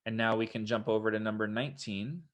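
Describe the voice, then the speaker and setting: A man's voice: fairly low pitch, steady tone, quick pace. Casual man explaining test answers. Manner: casual, explanatory, quotes examples in a put-on voice. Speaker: SAT tutor. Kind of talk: online test prep walkthrough.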